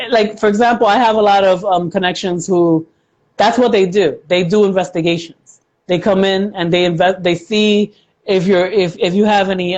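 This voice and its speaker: A woman's voice: medium pitch, a little mellow. Chatty woman accountant on dull call audio. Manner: chatty, explains with examples, frequent fillers. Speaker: guest accountant. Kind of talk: casual interview chat.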